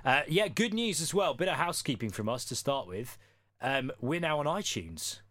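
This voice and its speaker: A man's voice: medium pitch, sing-song, normal speed, fairly bright tone, no room sound, clean studio sound. A man from the UK co-hosting a casual podcast, rambling with lots of fillers. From United Kingdom. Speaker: podcast co-host.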